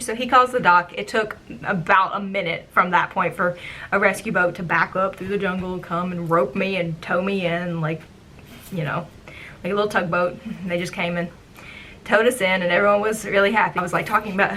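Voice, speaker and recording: Woman, 20s, casual storytelling vlog, bright tense voice, chatty filler words, animated retelling. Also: fairly low pitch, moderate pace, slight background noise. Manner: animated, acts out her own past reactions; chatty, with frequent "like" and "um". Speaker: former theme park ride guide.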